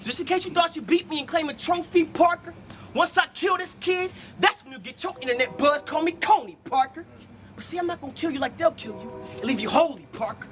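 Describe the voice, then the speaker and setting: Soft music plays behind a man doing Christian battle rap for a live audience, his delivery rhythmic, sermon-like and punchline-driven. He sounds very high-pitched, a bit bright, and brisk.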